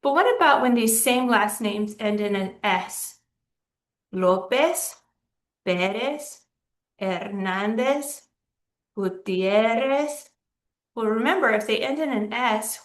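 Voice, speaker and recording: A woman's voice: a little high, roomy sound, far from the mic. A woman teacher from Texas giving a recorded lesson, patiently explaining step by step with examples. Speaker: Spanish teacher.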